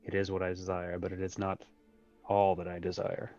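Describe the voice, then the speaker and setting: A man's voice: low voice, monotone, normal speed, darkish tone, faint music behind. Hesitant man player on a dull mic. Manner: hesitant, many fillers, thinking aloud. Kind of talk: tabletop role-play chat.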